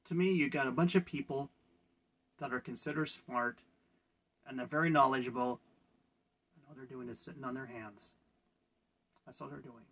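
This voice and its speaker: A man's voice: medium pitch, gravelly, a bit bright, husky. A man from California ranting in a casual opinion vlog, sarcastic and laughing at his own jokes. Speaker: vlogger.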